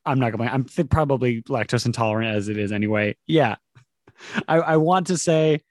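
A man's voice: mid-range voice, a little fast, a little mellow, no echo, clean studio sound. A man in his thirties, a comedian guest on a casual podcast, rambling with frequent laughs. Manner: laughing, rambling, slips into mock voices.

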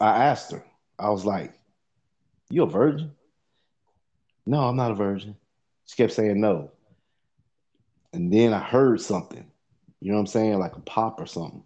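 A man's voice: fairly low pitch, darkish tone. A man telling a long profane story in a casual podcast chat, rambling and repeating "you know what I'm saying" as he goes.

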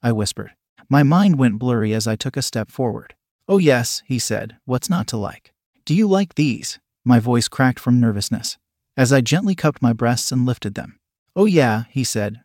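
A man giving a steady, evenly paced first-person story narration. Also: mid-range voice, no echo, studio quality.

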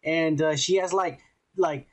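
This man talks high in his range and swears through nearly every sentence. He rambles loosely as he recaps and chats casually as a podcast host. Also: fairly even intonation, a little slow, low-quality recording. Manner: crude, rambling, swears constantly. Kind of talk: casual profane chat.

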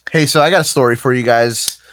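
A man in a casual podcast chat, telling a story at an unhurried pace. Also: medium pitch, a bit bright, dry recording. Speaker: podcast co-host.

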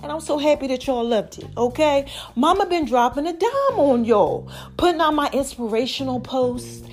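A woman hosting her podcast in a casual, animated monologue, a little short of breath and calling her listeners baby. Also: high voice, normal speed, faint music behind. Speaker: podcast host.

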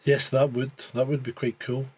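A man's voice: medium pitch, level tone, moderate pace, darkish tone, breathy edge. A man co-hosting a casual chat, blunt and crude, with a lot of swearing. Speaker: podcast co-host.

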